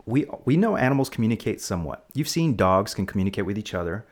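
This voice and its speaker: A man's voice: on the low side, very animated, quick pace, a little mellow. A man hosting a casual podcast, rambling playfully and explaining facts to kids. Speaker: podcast host.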